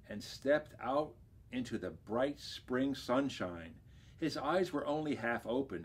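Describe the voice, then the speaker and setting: Man, library director, storybook reading, expressive, husky voice, lively intonation. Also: mid-range voice. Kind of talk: reading a children's story aloud.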